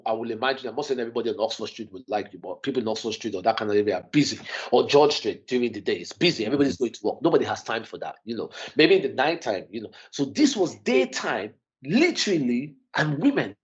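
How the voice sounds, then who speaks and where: A man telling a story in casual chat, animated and full of restarts, his voice jumping up when he is shocked. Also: mid-range voice, fast talker, hardly any pauses, muffled recording. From Nigeria and the UK. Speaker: podcast guest.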